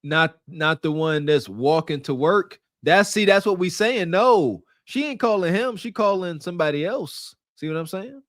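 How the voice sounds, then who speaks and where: Casting: high-pitched male co-host, slangy and preachy, dry close mic. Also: animated, moderate pace, few pauses, a bit bright, dry recording. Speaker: podcast co-host. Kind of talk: casual podcast commentary.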